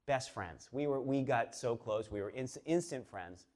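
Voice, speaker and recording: A man in his fifties from the Boston area, telling a personal story to a live audience in a chatty, animated way with many fillers and restarts. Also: medium pitch, normal speed, hardly any pauses. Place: stage before a live audience.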